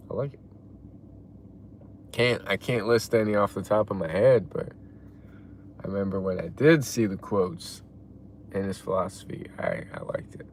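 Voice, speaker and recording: A man with a low, gravelly voice chats casually on a live stream, answering viewers in a relaxed, meandering way. Faint noise hums behind him. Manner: laid-back, trails off, reacts loudly to donations. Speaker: live streamer reading chat.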